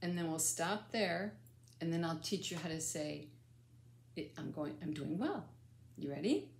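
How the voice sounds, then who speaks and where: An older woman, a grandmother, giving a patient sing-song French lesson to a child and repeating each phrase slowly. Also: sits low, lively intonation, slight background noise.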